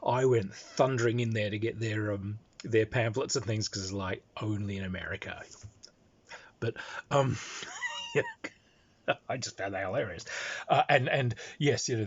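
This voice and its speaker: A Western Australian man tells a rambling, amused story, pitch rising and falling in a lively way. His voice is somewhat husky, and the recording sounds dull and lo-fi. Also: moderate pace. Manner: rambling, amused, many fillers and restarts. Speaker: storyteller, screenwriter. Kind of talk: casual anecdote.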